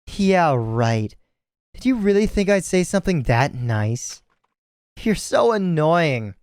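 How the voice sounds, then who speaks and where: A man's voice: fairly high pitch, very animated, slow, darkish tone, dry recording, pitched above the performer's own voice. A man voicing a cruel young woman from a video game, mocking and contemptuous.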